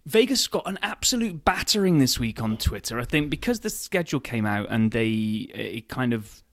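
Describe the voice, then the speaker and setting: A man in the host's chair of a casual podcast, speaking at a middle pitch. He is upbeat and keeps restarting his sentences. The sound is dry and close. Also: sing-song, normal speed, a bit bright, no echo. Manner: upbeat, many fillers and restarts. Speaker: podcast host. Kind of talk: casual chat.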